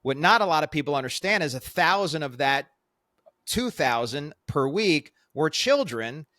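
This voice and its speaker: A man's voice: fairly high pitch, lively intonation, moderate pace, bright, forceful tone, no room sound, studio quality. A man hosting a podcast interview, speaking emphatically in a motivational way to fellow professionals. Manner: emphatic, motivational, preaching to peers. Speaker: guest host.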